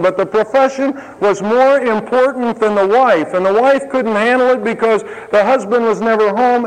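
A man preaching a sermon, swinging between emphatic rises and quiet low asides, with humorous stories for the congregation. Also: in a large hall, poor audio. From lived in Ohio. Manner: tells humorous anecdotes to the congregation.

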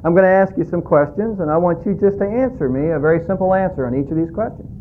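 A man's voice: high-pitched, lively intonation, fast, slight background noise. A man playing an eager fellow who quizzes his talking dog in front of a crowd, in a coaxing showman's manner, over a tinny, phone-like line.

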